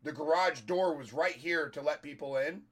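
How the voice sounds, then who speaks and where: A man with a hoarse voice, pitched a little high, spins a story as a comedian on a podcast. He talks casually and swears often. He acts out the people in the story as he goes. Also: moderate pace. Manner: profane, animated storytelling with quoted voices.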